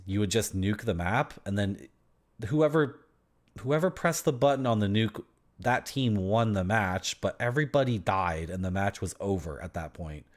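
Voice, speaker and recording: Speaking at a fairly low pitch, a man in his thirties rambles casually while streaming a game. He chats to his viewers and laughs a lot.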